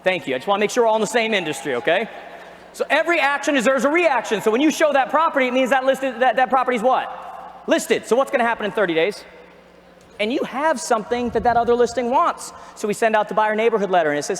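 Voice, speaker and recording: A man giving an energetic seminar talk on a stage, asking the audience questions and joking with them. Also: very high-pitched, quick pace. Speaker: real estate trainer. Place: large arena. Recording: echoey arena with long reverb.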